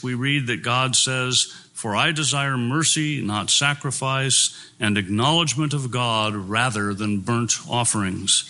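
A man's voice: medium pitch, pushed and bright. A man preaching a sermon, reading scripture aloud and speaking in an earnest, emphatic way.

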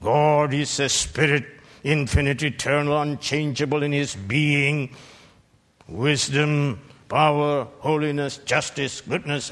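A man preaching a fiery sermon, slow and emphatic, climbing to shouted peaks. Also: on the high side, steady tone. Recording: long reverb of a large hall.

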